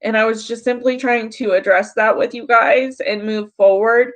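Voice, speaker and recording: A woman's voice: a little high, steady tone, moderate pace. A woman streaming live to her chat, congested from crying and frustrated, talking through what happened. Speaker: YouTuber on a livestream. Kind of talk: emotional livestream talk to chat.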